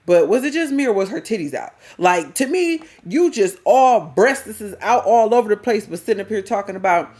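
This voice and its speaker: A woman's voice: mid-range voice, lively intonation, moderate pace, hardly any pauses, a little mellow. A middle-aged woman, giving blunt, slangy, scolding reaction commentary as a vlogger.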